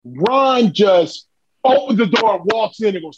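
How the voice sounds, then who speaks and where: An animated man with a high voice telling stories, his words tumbling out with excitement. The recording sounds dull and lo-fi. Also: a little slow. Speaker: podcast guest. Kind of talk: casual storytelling.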